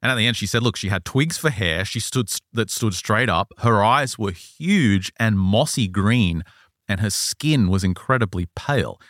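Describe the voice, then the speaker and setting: A man hosting a podcast, telling an eyewitness story in a casual, animated way and acting out the quoted lines. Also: on the low side, normal speed, no room sound, clean studio sound. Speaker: podcast host. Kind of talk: casual chat, retelling an eyewitness account.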